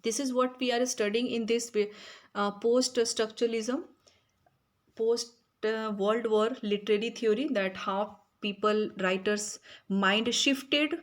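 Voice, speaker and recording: A woman's voice: fairly high pitch, steady tone, a little slow. A woman from India with an Indian English accent, teaching an exam-prep lecture in a chatty, repetitive way that speaks straight to her students. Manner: conversational, repetitive, addresses students directly.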